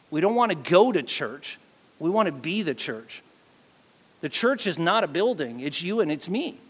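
A man preaching a sermon as pastor, animated and acting out quotes to his congregation. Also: sits high, big-room sound.

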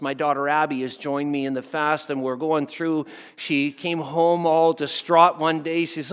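A man's voice: fairly high pitch, little pitch movement, normal speed, few pauses, fairly bright tone, smooth. A man preaching a sermon as pastor, talking conversationally, repeating phrases and checking in with the congregation. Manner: conversational, repeats phrases, asks the crowd "right?". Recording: long hall reverb.

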